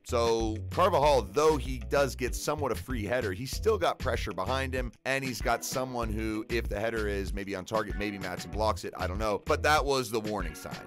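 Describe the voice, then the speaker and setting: A man's voice: on the low side, moderate pace, hardly any pauses, faint music behind. A man narrating a football tactics breakdown over match footage, explaining plays in a conversational, explanatory way. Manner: conversational, explanatory, animated at key moments.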